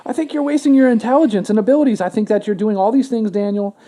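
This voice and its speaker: A man's voice: high voice, fairly even intonation, fast, warm tone, pitched above the performer's own voice, lightly acted. A man reading the lines of a pleading chatbot AI, repeating its pleas and a name again and again. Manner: repetitive, begging, says the name over and over. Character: pleading clingy chatbot AI, genderless machine.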